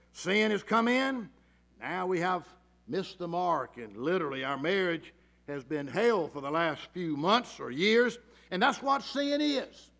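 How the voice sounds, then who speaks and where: High, gravelly-voiced man preaching. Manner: swings from loud emphatic to hushed; acts out quoted voices in storytelling. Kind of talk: sermon.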